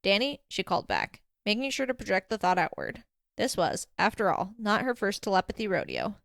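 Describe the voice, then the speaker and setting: A woman narrating a fanfiction audiobook in a steady, expressive reading. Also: mid-range voice, brisk, gravelly, dry recording, clean studio sound.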